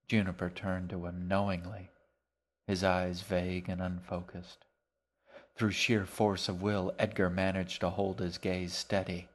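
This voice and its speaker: A man reading his own novel aloud as a podcast, in measured, even storytelling narration. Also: sits low.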